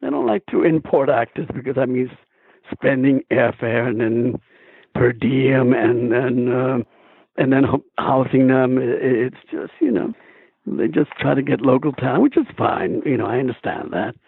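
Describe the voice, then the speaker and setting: Man, gravelly and husky voice, animated chuckling storyteller, tinny dry phone line. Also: mid-range voice, moderate pace, no room sound. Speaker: actor, interview guest.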